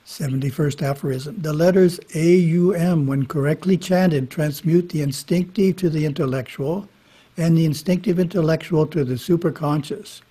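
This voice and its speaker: A man giving a spiritual talk, reading scripture in a measured way with brief casual asides. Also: fairly high pitch, dark tone, husky. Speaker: monastery teacher. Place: monastery. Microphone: webinar microphone.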